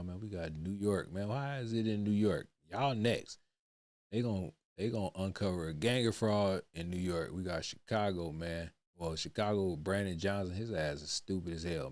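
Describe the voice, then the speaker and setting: Man, very low voice, dry close sound, casual livestream chatter, blunt and profane. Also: no room sound. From United States. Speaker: livestream reaction host.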